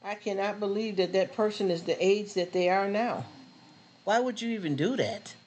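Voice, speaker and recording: A man's voice: high voice, normal speed, slight background noise. A man hosting a casual live stream, talking bluntly in street slang and often repeating words as he chats with viewers. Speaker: livestream host.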